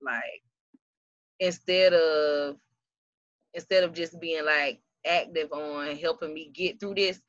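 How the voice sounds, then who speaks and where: Woman host, bright and forceful, dull lo-fi recording. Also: deep voice, slow, long pauses, dry recording. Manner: laughs easily, loose and relaxed. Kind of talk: casual chat.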